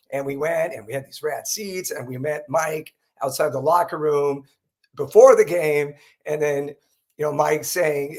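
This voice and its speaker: Chatty man telling rock stories. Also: fairly high pitch. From Southern California. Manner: rambling anecdotes with quoted dialogue. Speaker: guest, heavy metal singer. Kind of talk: casual interview storytelling.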